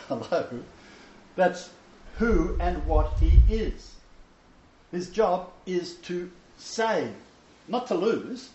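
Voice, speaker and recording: A man's voice: high-pitched, lively intonation, extremely slow, long pauses, darkish tone, dull audio, slight background noise. Emphatic joking preacher man, roomy sound. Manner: emphatic, joking asides with chuckles. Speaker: Bible teacher. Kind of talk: informal sermon lecture. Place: room with a small seated audience.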